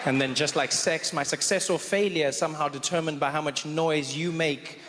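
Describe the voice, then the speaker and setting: A man performing stand-up on a stage, talking in a wry manner that keeps halting and restarting with asides. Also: fairly high pitch, steady tone, crowd noise, background noise. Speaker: stand-up comedian. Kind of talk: stand-up comedy set. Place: comedy stage in a large venue. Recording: reverberant hall, faint ambience.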